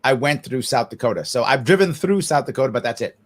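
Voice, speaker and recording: A man in his forties, guesting on a podcast interview, speaks off the cuff with animation, laughing often and imitating other people's voices. He has a medium pitch and talks fast.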